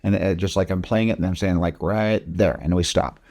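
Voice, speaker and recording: Guy with a low warm voice walking thru an editing tutorial, casual, narrates every click. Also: fairly even intonation, fast. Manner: casual, talks through each step while working. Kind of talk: screen-recorded software tutorial.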